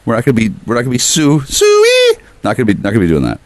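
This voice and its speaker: A man ranting on his porch in a rambling, profane monologue that veers between loud outbursts and quiet muttering. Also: lowish voice, lively intonation, very fast, no echo. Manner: profane, erratic, shifts between ranting and murmuring. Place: outdoors on a porch.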